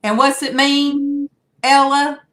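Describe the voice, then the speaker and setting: Older woman host, unhurried and chatty, rambles along and greets her viewers by name on a video call. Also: high voice, flat delivery, fairly bright tone. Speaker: livestream host. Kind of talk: casual livestream chat.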